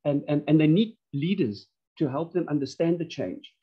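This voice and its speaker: A man teaching an online course from home, talking in an animated, emphatic way and often repeating himself. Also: on the high side, normal speed, breathy edge, highs cut off. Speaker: course instructor. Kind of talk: online lecture. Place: home lounge.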